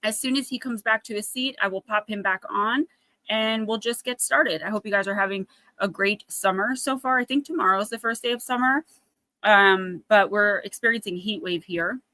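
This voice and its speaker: Bright, chatty woman livestream host. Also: medium pitch, normal speed, no room sound. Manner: chatty, storytelling, acts out quotes. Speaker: oracle card reader, livestream host. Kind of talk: casual livestream chat.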